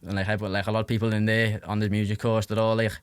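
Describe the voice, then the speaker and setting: A man's voice: fairly low pitch, little pitch movement, rapid-fire, smooth, no echo. Young rambling man with a Scouse accent. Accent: Liverpool (Scouse). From Liverpool, England. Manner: rambling, heavy fillers and restarts, swears freely. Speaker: podcast guest, musician. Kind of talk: casual storytelling.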